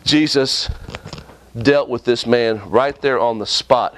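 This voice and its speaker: A man preaching a sermon with impassioned delivery, often jumping up and down in pitch for emphasis. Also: takes it slowly, no echo.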